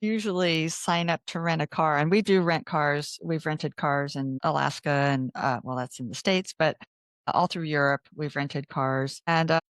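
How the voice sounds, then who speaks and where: A woman talks in a loose, chatty interview way. Her voice is smooth and resonant, and the sound is dry and close. She restarts words and fills pauses as she goes. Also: sits low, fairly even intonation, no room sound. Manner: chatty, restarts words often, many fillers. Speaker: travel author guest. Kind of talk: casual interview chat.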